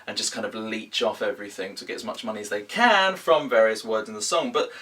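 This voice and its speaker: Young guy, deadpan spoof news host, mic set back a little. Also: lowish voice, brisk, far from the mic. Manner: deadpan, mock-serious. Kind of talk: mock news commentary.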